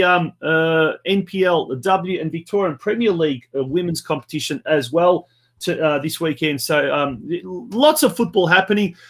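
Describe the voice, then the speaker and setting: A man's voice: high voice, a bit bright. A man hosting a football show in a chatty manner, full of fillers and restarts. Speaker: host.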